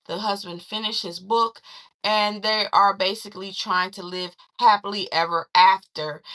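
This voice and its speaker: Bright-voiced woman recapping a movie. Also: medium pitch. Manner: animated retelling with many fillers and restarts. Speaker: movie reviewer.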